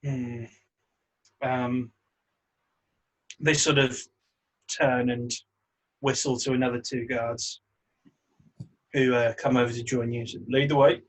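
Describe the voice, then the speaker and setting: A man narrating as game master of a tabletop game, relaxed and hesitant with many fillers. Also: medium pitch, slow, pauses often, rough recording.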